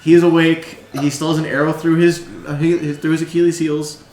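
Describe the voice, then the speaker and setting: A man's voice: fairly high pitch, level tone, a little fast, a little mellow. A young man narrating casually as dungeon master, chatty and laughing often. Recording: echoey room with music behind.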